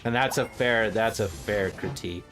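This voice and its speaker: Excitable rambling young man, music behind. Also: lowish voice, normal speed. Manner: rambling, excitable, laughs often. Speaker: streamer. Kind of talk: casual chat.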